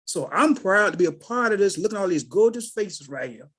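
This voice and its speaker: High and a little fast, with a breathy edge, the voice comes from a middle-aged man on a group call. As a participant, he gives casual spoken testimony through personal stories, performing the quoted voices of the people in them with animation.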